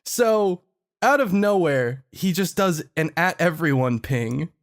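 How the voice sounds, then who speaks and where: A man's voice: a little high, expressive, slow pace. A man co-hosting a casual comedy podcast, sarcastic and exasperated, swearing a lot. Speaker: podcast co-host.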